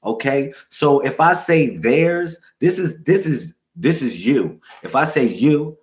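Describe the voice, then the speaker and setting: A man hosting a livestream, giving a loose, repetitive spiritual teaching full of slang and shout-outs to viewers. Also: mid-range voice, expressive, slow. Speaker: livestream host.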